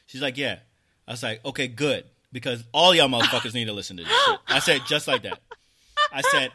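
A man in his thirties co-hosting a casual chat show, telling an animated story and swearing freely. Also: medium pitch, brisk. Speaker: podcast co-host.

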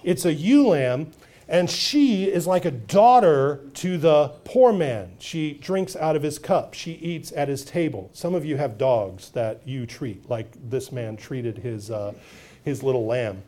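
Male pastor, high voice, sermon delivery, expressive, drops to hushed asides then swells to loud emphasis. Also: measured pace.

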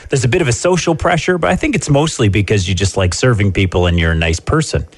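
A man's voice: mid-range voice, animated, fast talker, husky, no echo. A middle-aged man co-hosting a talk show, telling stories in a dry, matter-of-fact way. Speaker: radio co-host. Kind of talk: casual morning show banter.

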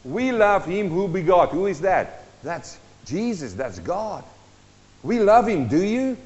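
A South African man whose first language is Afrikaans, preaching a sermon as pastor into a microphone in his church, emphatic, with rhetorical questions and slow, stressed repetition. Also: high-pitched, big pitch swings, a little mellow, long reverb tail, lo-fi sound. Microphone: handheld or stand microphone.

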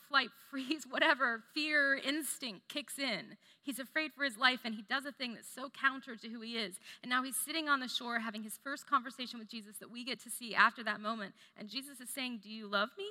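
A woman's voice: fairly high pitch, pushed and bright. A woman preaching a conversational sermon as a church staff member, earnest and reflective, thinking aloud with small restarts. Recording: long hall reverb.

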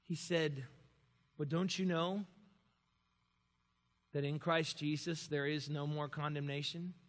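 A young man preaching a sermon, moving from quiet storytelling to loud, forceful preaching. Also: on the high side, fairly even intonation, slow pace. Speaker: pastor. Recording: long reverb of a large hall.

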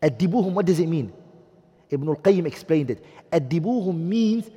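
Male religious teacher, husky and fairly high, heard in a reverberant hall. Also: expressive, fast, mellow, lo-fi sound. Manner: questions the audience, mixes Arabic phrases. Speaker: Islamic studies teacher. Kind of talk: religious class lecture.

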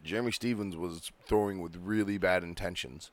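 A man's voice: deep voice, moderate pace. A man co-hosting a late-night fight podcast from home, talking bluntly and casually and swearing freely. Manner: blunt, profane, laid-back. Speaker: podcast co-host. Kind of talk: casual chat. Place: home, fan running.

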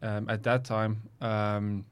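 A young man in his twenties with a South African accent, a guest athlete speaking casually and hesitantly with lots of pauses. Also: fairly low pitch, clear, resonant tone. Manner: relaxed, hesitant, many ums. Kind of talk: casual interview chat.

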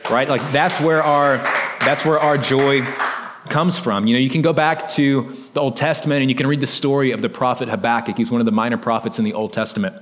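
A man's voice: medium pitch, steady tone, brisk, fairly bright tone, a little hiss or hum. Conversational preaching man in a reverberant hall. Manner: conversational preaching with frequent "like" and "right?". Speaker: pastor. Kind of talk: sermon.

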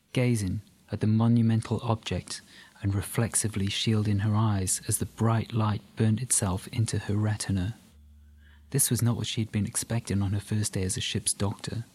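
A man narrating an audiobook in an even, measured reading. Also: fairly low pitch.

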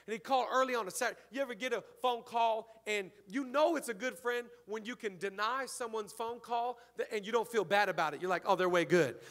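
A man, the church's pastor, preaching a lively, joking sermon and calling out to his congregation. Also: extremely high pitch, a little fast, few pauses. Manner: energetic, joking, calls out to the congregation.

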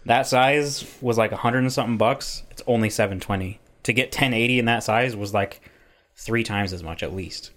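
A man's voice: fairly low pitch, moderate pace, a bit bright. A man co-hosting a podcast, chatting casually, rambling and swearing freely. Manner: rambling, swears often, laughs easily. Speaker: podcast co-host. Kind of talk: casual chat.

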